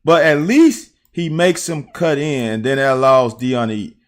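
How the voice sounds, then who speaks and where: A man's voice: mid-range voice, moderate pace. A blunt middle-aged man with a Southern American accent, talking football film with his live viewers. He swears freely and speaks directly to the chat, in an ordinary mid-range voice. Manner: blunt, profane, talks straight to chat viewers. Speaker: host, former player breaking down game film. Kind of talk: casual live-stream commentary.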